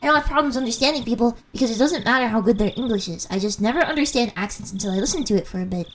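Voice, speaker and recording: A woman's voice: on the high side, racing, slight background noise. A young woman with a slight American mountain accent, chatting casually and giggling with viewers during a game stream. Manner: rambling, giggly, animated.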